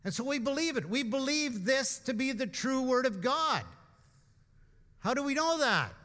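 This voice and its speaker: High bright-voiced man preaching. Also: animated, moderate pace, big-room sound. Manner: informal and emphatic, with asides and rhetorical questions. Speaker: pastor. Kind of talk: conversational sermon. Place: church.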